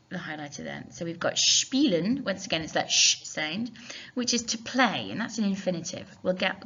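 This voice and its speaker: Gravelly, bright-voiced woman teacher. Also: fairly low pitch, slight background noise. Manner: explains step by step, spells words out, thinks aloud. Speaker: German teacher. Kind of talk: recorded lesson walkthrough. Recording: dull lo-fi recording.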